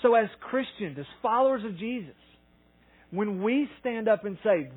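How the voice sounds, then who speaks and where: Man, pastor, sermon, earnest, acts out dialogue, husky, tinny phone-like recording. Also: sits high, expressive, normal speed. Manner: earnest, acts out quoted dialogue, swings loud and soft.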